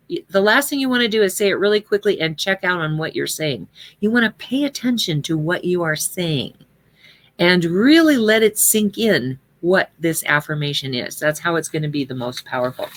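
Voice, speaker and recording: A woman's voice: fairly low pitch, a bit bright, no echo. A woman teaching a class on prosperity affirmations in a casual, earnest way, with many fillers. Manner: chatty and earnest, with many fillers and occasional laughs.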